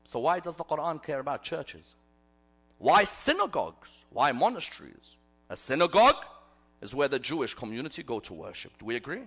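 A man giving a religious sermon in a gathering hall, telling stories dramatically and swinging between loud declarations and hushed asides. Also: a little high, sing-song, normal speed, husky. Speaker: preacher.

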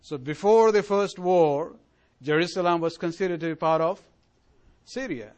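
Man giving a measured history lecture. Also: fairly high pitch, darkish tone. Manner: measured, with frequent fillers and self-corrections. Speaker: religious lecturer.

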